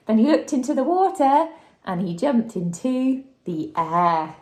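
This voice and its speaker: A woman, a teacher, reading a picture book aloud to a child, shouting out the dinosaurs' lines and chatting about the pictures. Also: medium pitch, normal speed. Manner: lively, acts out the dinosaurs' shouts and chats with the child. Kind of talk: storybook read-aloud.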